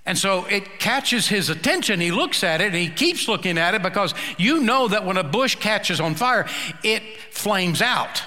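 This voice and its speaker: A male pastor preaching a sermon, slow and emphatic, with dramatic pauses. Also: high-pitched, expressive, pushed and bright, long reverb tail.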